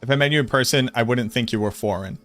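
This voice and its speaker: A man with a Boston accent chats on a live game stream, reacting to viewers in an animated, jokingly indignant way. His voice sits at a middling pitch, with faint music playing behind him. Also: fast. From Boston area, US. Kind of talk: casual live-stream chat, reading chat aloud.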